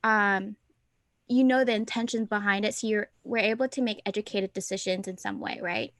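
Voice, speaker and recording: A woman co-hosts a casual podcast, talking in an animated, thinking-aloud way. Her voice sits in the middle of the range. The sound is dry and close, with no room echo. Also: mid-range voice, normal speed. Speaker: podcast co-host. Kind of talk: casual chat.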